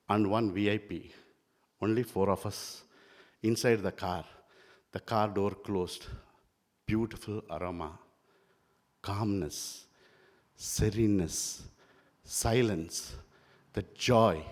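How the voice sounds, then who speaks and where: Older man in his sixties, spiritual speaker, lively storytelling devotional talk, long hall echo. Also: on the low side. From India. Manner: animated storyteller, acts out dialogue.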